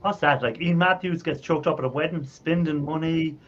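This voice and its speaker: Irish male host, teasing and quick to laugh; dull lo-fi call audio. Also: on the high side, fairly bright tone, a little hiss or hum. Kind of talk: casual live chat.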